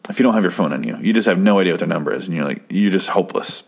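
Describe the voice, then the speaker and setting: A young man from Arizona chatting casually, rambling and profane, with deadpan jokes. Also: sits low, rapid-fire, creaky. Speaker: podcast host reviewing an episode. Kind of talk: casual chat.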